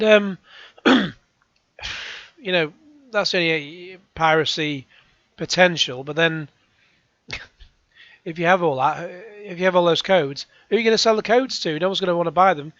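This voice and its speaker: A man's voice: sits high, normal speed, pauses often, fairly bright tone, no echo, lo-fi sound. A man giving rambling, sarcastic commentary as a YouTube reaction host. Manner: rambling, sarcastic, with frequent sighs and restarts.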